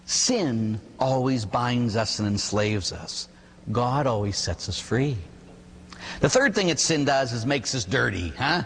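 A Catholic priest giving an animated sermon, telling stories and asking rhetorical questions. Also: male voice, medium pitch, measured pace, long reverb tail, slight background noise.

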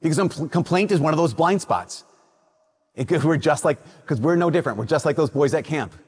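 Husky-voiced priest in a reverberant church. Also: male voice, fairly high pitch, brisk. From Minnesota. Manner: storytelling, conversational with lively asides. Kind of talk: Sunday Mass gospel reading and homily.

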